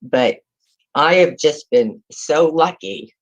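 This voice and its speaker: A woman's voice: deep voice, expressive, slow pace, highs cut off. A woman in her sixties from California, a retiring public defender giving heartfelt, emotional farewell remarks over a video call, close to tears.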